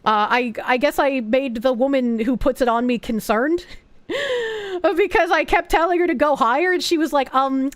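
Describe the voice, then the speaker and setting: Brief: high-pitched woman streamer, excitable, foul-mouthed, dry close sound. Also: moderate pace, dry recording. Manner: excitable, swears freely, reads chat aloud. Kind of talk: casual live-stream chat.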